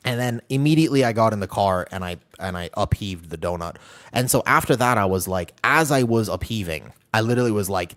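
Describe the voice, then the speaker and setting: A man's voice: lowish voice, fairly quick, fairly bright tone. A man streaming a game, chatting casually and rambling while answering his chat.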